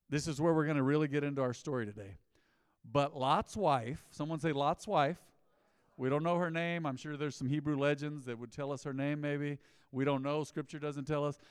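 A man's voice: a little high, smooth, dry recording, studio quality, big-room sound. A male pastor preaching a sermon, reading scripture aloud and drawing call-and-response from the congregation.

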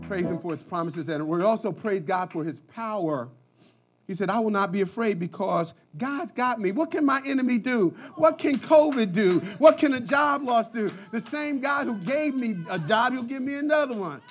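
High-voiced impassioned male preacher. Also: lively intonation, moderate pace, faint music behind. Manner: impassioned preaching, swings between shouting and hushed speech. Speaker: pastor. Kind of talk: sermon.

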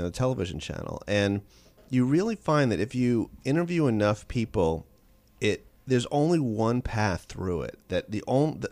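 A man being interviewed as an author on a call-in radio show, telling stories in a quick, animated way with frequent restarts. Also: mid-range voice, dry recording. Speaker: author guest.

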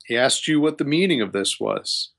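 A man running a tabletop game as game master, explaining quests while thinking aloud with many pauses. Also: medium pitch, expressive, gravelly, fairly bright tone. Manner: hesitant, thinking aloud with fillers.

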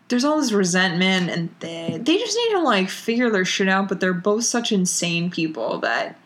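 A woman co-hosting a podcast over a remote call, retelling a TV episode in an animated, chatty way. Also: medium pitch, normal speed. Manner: chatty, animated retelling with lots of "like" and quoted lines. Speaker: podcast co-host recapping a TV show. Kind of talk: casual chat.

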